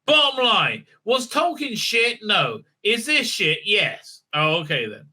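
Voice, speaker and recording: A man ranting his way through a TV episode recap, sarcastic and profane, with constant "uh, uh" fillers. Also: slow. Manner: lively pitch swings for mocking asides. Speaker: show host reviewing a TV episode.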